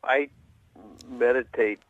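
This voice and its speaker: A man's voice: mid-range voice, steady tone, takes it slowly. A middle-aged man calling a radio advice show, speaking hesitantly and thoughtfully. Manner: hesitant, thoughtful, many fillers and restarts. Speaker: caller. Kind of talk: phone call to a radio show. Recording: tinny dry phone line.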